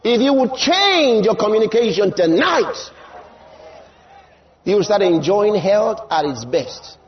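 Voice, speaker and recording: Male preacher, high and animated voice, emphatic and repetitive, dull live-sermon recording. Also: unhurried. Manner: emphatic, repeats lines, rises to shouts.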